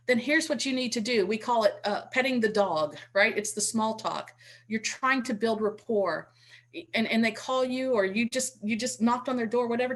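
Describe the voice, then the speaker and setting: Through a computer microphone, a woman with a slightly high, somewhat bright voice teaches real estate investing in a webinar at normal speed. She's chatty, tends to repeat words as she starts over, and demonstrates using call scripts.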